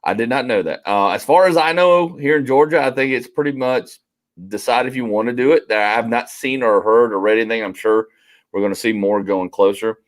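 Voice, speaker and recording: A man's voice: mid-range voice, fairly quick. A man, hosting a casual podcast chat and rambling through stories. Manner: rambling, chatty, reads out listener comments. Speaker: podcast host.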